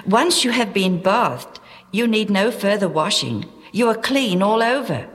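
A woman voicing a calm, gentle grown male teacher in a storybook reading, speaking in a measured way. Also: mid-range voice, big-room sound, voice pushed up, lightly acted.

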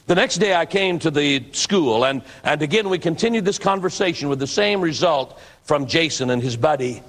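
A man preaches, telling a dramatic story and slipping into the voices of its characters. His voice sits a bit high for a man. A long reverb trails each phrase, as in a large hall. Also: a bit bright. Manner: dramatic storyteller who acts out quoted voices. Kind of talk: sermon storytelling.

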